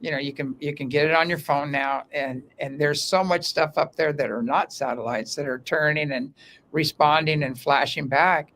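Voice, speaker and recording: Male interview guest, higher-pitched, chatty and animated, restarts sentences often. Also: normal speed. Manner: animated, talkative storyteller with many restarts. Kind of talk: casual interview talk. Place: underground room.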